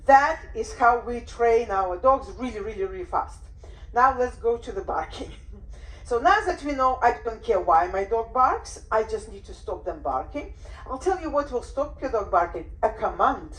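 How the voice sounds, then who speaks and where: Woman dog trainer, fairly high voice, roomy echo, animated. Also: moderate pace. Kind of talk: workshop talk. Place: room on a cruise ship.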